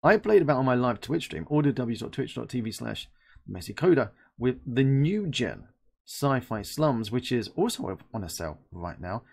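A man's voice: medium pitch, very animated, normal speed, gravelly, a little mellow, slightly rough. A man from London giving a chatty, playful asset review and thinking aloud as he works. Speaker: host reviewing game assets. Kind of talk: casual screen-recording review.

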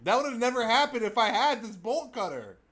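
A young man giving excitable live commentary while he plays a game, laughing and shouting as he reacts. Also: extremely high pitch, brisk. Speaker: streamer.

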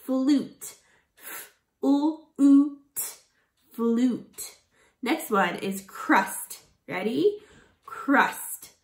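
A woman teacher talks young learners through a phonics lesson, stretching out every sound and praising them often. Her voice sits a little high and moves all over the place. The room around her echoes noticeably. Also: expressive. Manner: slow, sound-by-sound phonics drilling with an encouraging tone. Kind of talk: early reading lesson for children.

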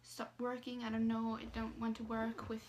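A woman from Sweden with a Swedish accent, telling a story to her phone camera in a halting way, full of ums and likes. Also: on the high side, monotone, darkish tone, slight background noise. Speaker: vlogger.

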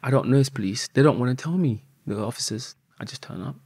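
A husky-voiced man tells a story on a podcast, lively and full of swearing. The sound is dry and close, with no room around it. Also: mid-range voice, quick pace, no echo. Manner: animated, swears often, acts out quotes. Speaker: podcast guest.

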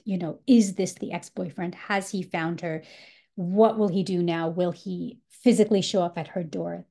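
Mellow-voiced woman teaching a writing workshop. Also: mid-range voice. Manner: thoughtful, explanatory, with frequent fillers. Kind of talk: literature workshop lecture.

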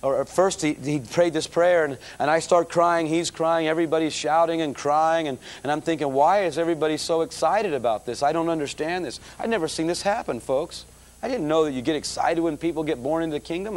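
A middle-aged man preaching, telling his conversion story in a lively storytelling manner and calling the audience folks. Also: a little high, brisk. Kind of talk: testimony sermon.

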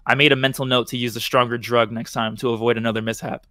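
A man's voice: mid-range voice, level tone, fast, few pauses, bright, forceful tone, no echo, studio quality. A man hosting a podcast, reading a horror short story aloud, sometimes stumbling and restarting. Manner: stumbles and restarts, laughing at slips. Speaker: podcast host.

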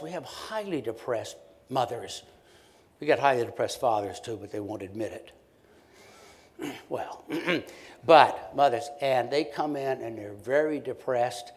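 Man giving a lively conference keynote. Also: medium pitch. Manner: conversational, animated, acts out short quoted exchanges. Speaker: keynote speaker, professor. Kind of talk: conference lecture.

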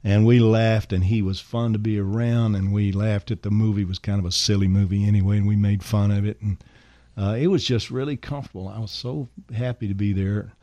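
A man's voice: lowish voice, steady tone, brisk, hardly any pauses, dark tone, no echo, dull audio. Easygoing older man spinning a yarn. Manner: easygoing, rambling, full of "uh" and "man". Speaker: songwriter and guest. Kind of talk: storytelling anecdote on a radio show. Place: radio studio.

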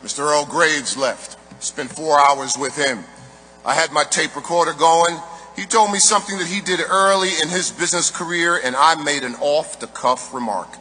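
A man's voice: a little high, moderate pace, sharp tone, a little hiss or hum. A man giving a live motivational speech in rhythmic, emphatic oratory, building on a repeated refrain. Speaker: motivational speaker. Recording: reverberant hall, faint music.

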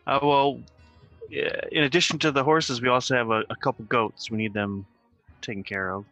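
A man playing in a tabletop game who talks in a relaxed, matter-of-fact way. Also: medium pitch, normal speed, soft background music. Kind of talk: casual chat.

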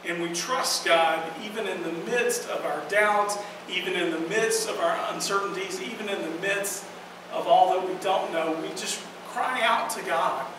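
A woman pastor preaching a sermon in a church, earnest and emphatic, with slow dramatic pauses. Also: lowish voice. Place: church sanctuary. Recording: echoey hall from far off, noisy.

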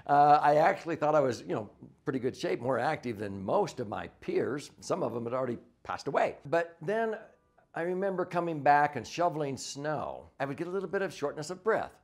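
A man's voice: fairly high pitch, sing-song, brisk. A man in his sixties, a financial advisor hosting his own show, telling a personal story in a folksy, earnest way and acting out what he said back then. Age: 60s. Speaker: financial advisor and podcast host.

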